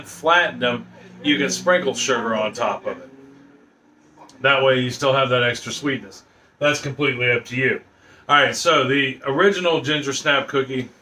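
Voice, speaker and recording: A man's voice: mid-range voice, pushed and bright. A man hosting a casual home cooking video in his kitchen, chatty and rambling, often restarting his sentences. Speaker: home cooking channel host.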